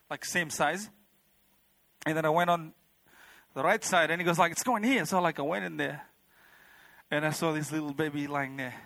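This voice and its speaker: Man, church testimony, rambling, heartfelt, fillers, slightly high voice. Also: fairly bright tone, no room sound. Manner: rambling, heartfelt, full of "you know" and "like". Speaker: church member giving a testimony. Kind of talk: personal testimony to a congregation.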